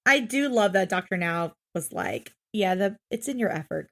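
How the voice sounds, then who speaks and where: High-voiced exasperated woman podcaster. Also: expressive, normal speed, few pauses, fairly bright tone. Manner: exasperated, swears a lot, acts out quotes. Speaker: podcast co-host. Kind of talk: casual recap chat.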